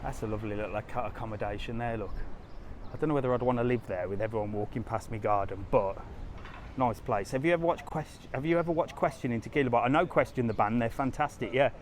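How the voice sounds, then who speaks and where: A man with a medium-pitched voice talks at a quick pace as he walks a resort street, hosting a casual live tour for his stream. Chatty and easygoing, he speaks directly to viewers and reads their comments out loud. Slight background noise is present. He's a travel vlogger and live-stream host.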